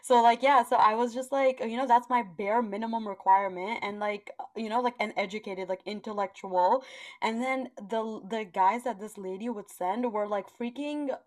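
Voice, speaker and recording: A woman in casual chat, telling an animated story full of fillers. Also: a little high, moderate pace. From Canada.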